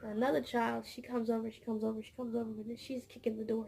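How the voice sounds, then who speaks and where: This casual storytelling vlog comes from a childcare teacher who rambles about her workday, repeats herself, and performs the dialogue she quotes. Her voice is on the high side and darkish, delivered flat and fast with vocal fry and few pauses, over a slight hiss or hum.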